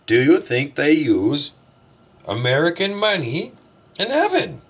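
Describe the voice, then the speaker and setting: A man rants in a blunt, profane, preachy vlog monologue, casting himself as a spiritual teacher who poses his own questions and answers them. His voice is a little high and fairly bright, swinging widely in pitch, a little slow, and slightly rough, on a lo-fi recording.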